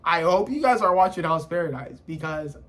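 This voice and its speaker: A man with a noticeably high voice talks through his review in a loose, chatty way. He keeps dropping "you know" and "like" as he animatedly retells what happens. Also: animated, brisk, a bit bright. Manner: rambling, full of "you know" and "like". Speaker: anime reviewer. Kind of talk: casual video review.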